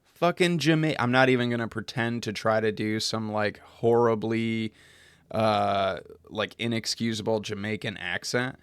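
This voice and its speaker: A man's voice: lowish voice, little pitch movement, unhurried, clear, resonant tone, no room sound, clean studio sound. A young American man hosting a beer tasting live stream from home, chatting loosely with his viewers, swearing casually and trailing off mid-sentence. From United States. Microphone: desk microphone.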